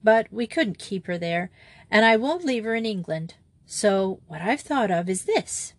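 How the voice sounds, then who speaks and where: A woman's voice: mid-range voice, expressive, a little slow, no room sound. A woman reading a determined young sister. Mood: persuasive. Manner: earnest, persuasive. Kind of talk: audiobook character reading.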